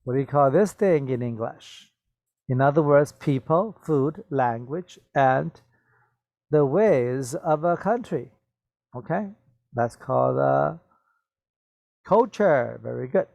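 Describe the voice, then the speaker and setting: Slow, patient male English teacher. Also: mid-range voice, animated, vocal fry, darkish tone, no echo, dull audio. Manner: patient, repeats words and checks with "okay?". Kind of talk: classroom vocabulary lesson.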